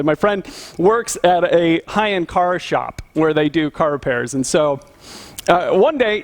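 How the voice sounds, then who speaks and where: Chatty male pastor with a slightly high voice. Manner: conversational storytelling, chuckling. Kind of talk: sermon.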